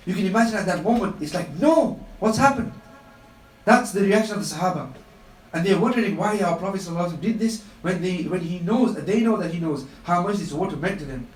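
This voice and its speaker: High-voiced man giving an impassioned radio talk. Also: darkish tone, reverberant, recorded from a distance, rough recording. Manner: impassioned storytelling with emphatic repetition. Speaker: Islamic speaker on a radio show. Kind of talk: live radio religious talk.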